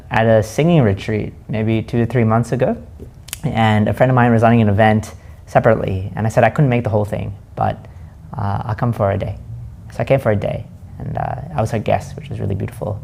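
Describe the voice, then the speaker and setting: A man hosting a reflective spoken monologue, slowly musing and asking himself questions aloud. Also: on the low side, animated, vocal fry, a little mellow. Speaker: host.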